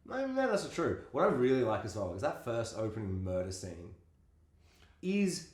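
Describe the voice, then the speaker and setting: A man co-hosting a podcast who talks about films in a rambling, excitable way, full of fillers. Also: mid-range voice, moderate pace. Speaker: podcast co-host. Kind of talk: casual film discussion. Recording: roomy echo.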